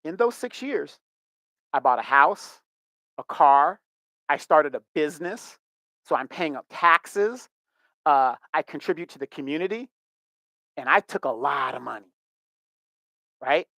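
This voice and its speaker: A man's voice: fairly high pitch, expressive, measured pace, pauses often, pushed and bright, no echo. A middle-aged man giving emphatic, indignant commentary as a vlogger, often repeating himself. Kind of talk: ranting commentary.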